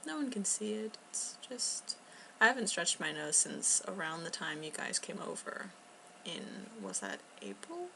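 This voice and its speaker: A young woman rambles through an unscripted home vlog, keeping her voice low and sometimes close to a whisper. Her tone carries a gravelly edge, and a faint hiss sits under the recording. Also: very animated, measured pace. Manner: rambling, chatty, filler-heavy with soft laughs; talking quietly, at times near a whisper. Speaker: vlogger. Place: home, indoors.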